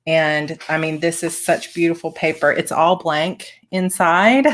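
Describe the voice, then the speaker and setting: A woman hosts a relaxed live chat, her voice sitting a little low for a woman. She gushes warmly, laughs and tears up as she talks, with thanks spilling out between breaths. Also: a little slow. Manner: gushing, emotional, laughs and tears up often. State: tearful. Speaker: author and channel host. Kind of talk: casual live chat, opening fan mail.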